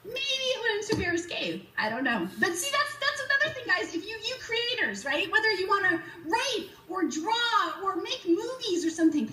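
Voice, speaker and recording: High-pitched woman, lively bouncing voice, roomy sound from a distance. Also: normal speed, hardly any pauses. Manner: bubbly, upbeat, talks to kids. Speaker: children's book author. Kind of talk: virtual school visit Q&A.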